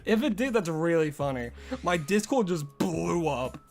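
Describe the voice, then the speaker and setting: A male streamer chatting casually on a live stream, rambling and loose, full of "like" and restarts, with soft game music behind him. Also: fairly high pitch, lively intonation, normal speed, gravelly.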